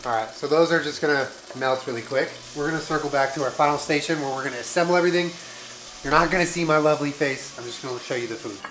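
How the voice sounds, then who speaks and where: A man's voice: a little high, fast, background noise. A young man cooking at home and talking through the steps in a laid-back, casual way. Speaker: cook, host's boyfriend. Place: home kitchen. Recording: echoey kitchen room.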